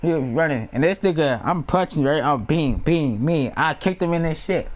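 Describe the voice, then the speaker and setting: A man's voice: on the high side, expressive, moderate pace, highs cut off. A young man telling personal stories in a casual, slangy way, often laughing and acting out the sounds of what happened. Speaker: storyteller. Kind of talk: casual storytelling.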